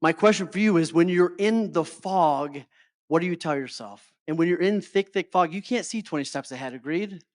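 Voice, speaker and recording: Earnest male coach, slightly high voice. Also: moderate pace, no room sound, clean studio sound. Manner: checks in with listeners often, stumbles and repeats words. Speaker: life coach and motivational speaker. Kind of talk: motivational talk to a live audience.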